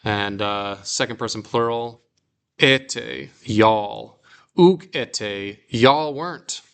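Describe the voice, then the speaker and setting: Bright-voiced man teaching Greek. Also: medium pitch, vocal fry, smooth. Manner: explains slowly, reads example sentences aloud, casual fillers. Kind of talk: relaxed classroom teaching.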